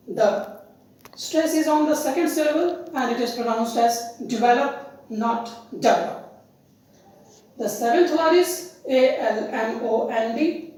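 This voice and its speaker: Slow, high-voiced teacher. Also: female voice, darkish tone, far from the mic. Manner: slow, deliberate, spells words letter by letter. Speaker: English teacher. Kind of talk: pronunciation lesson. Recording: very echoey room, voice off-mic.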